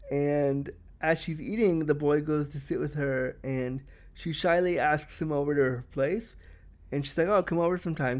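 Male podcast host, slightly high voice, frank and fast-talking, candid film commentary. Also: darkish tone. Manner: frank and chatty, says he talks fast.

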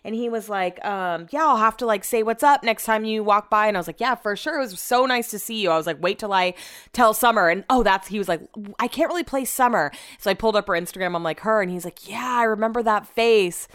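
Chatty thirties woman, smooth clear voice, casual storyteller who swears and says "like" a lot. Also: medium pitch, fast talker, fairly bright tone. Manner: chatty, heavy use of "like", swears freely.

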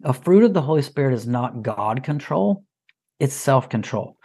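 Animated man telling parenting stories. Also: mid-range voice, moderate pace, breathy edge. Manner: animated, lively storyteller. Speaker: parent sharing advice as a podcast guest. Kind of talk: casual conversational storytelling.

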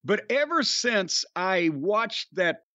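A man's voice: high-pitched, big pitch swings, takes it slowly, pushed and bright, no room sound, lo-fi sound. A man with a Southern US accent, hosting a podcast in a long-winded, sardonic, profane way. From Southern United States. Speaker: podcast host. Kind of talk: casual rambling chat.

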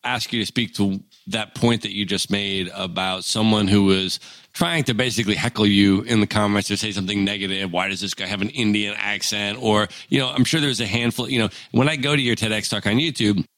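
A man hosting a podcast, asking questions in an earnest, measured way. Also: lowish voice, fairly even intonation, a bit bright, no echo. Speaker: podcast host. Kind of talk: interview questions.

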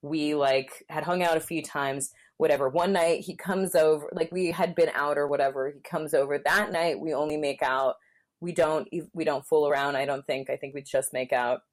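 Casting note: young woman, lowish voice, frank storyteller on a casual chat podcast. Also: steady tone, moderate pace. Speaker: podcast co-host.

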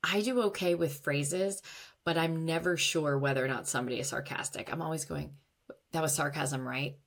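A woman's voice: low voice, brisk. A woman hosting a podcast, talking candidly and reflectively about her own life and sometimes laughing at herself. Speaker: podcast host. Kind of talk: personal monologue podcast.

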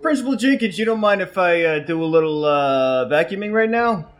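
Improv comedy: a man as a breezy handyman, a bit high, faint noise. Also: expressive, brisk. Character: cheerful male handyman measuring floors.

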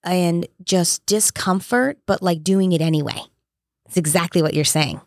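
A woman's voice: lowish voice, normal speed, dry recording, studio quality. A woman in her thirties talking earnestly in a casual conversation, telling personal stories with many "like" fillers.

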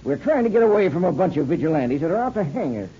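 An actor playing a sly, smooth-talking outlaw with a folksy western drawl, in a 1950s radio drama. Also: male voice, on the high side, sing-song, fast, dark tone, slight background noise. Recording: dull lo-fi old radio broadcast.

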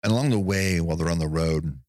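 A man's voice: deep voice, fast talker, darkish tone, no echo, clean studio sound. A man co-hosting a casual movie-recap chat, retelling scenes with laughs and putting on the characters' lines. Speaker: podcast co-host.

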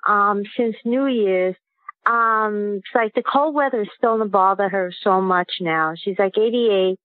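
A woman's voice: on the high side, no echo. New woman calling in on a tinny line. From Queens, New York. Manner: halting, with many pauses and fillers. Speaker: caller. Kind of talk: phone call to a radio show.

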